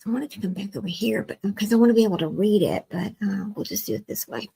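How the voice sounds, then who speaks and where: A woman's voice: medium pitch, fast talker, vocal fry, dark tone, breathy edge, low-quality recording. A woman hosting a livestream in a casual chat, talking to herself while she works her screen, often dropping to a near whisper. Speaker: livestream host.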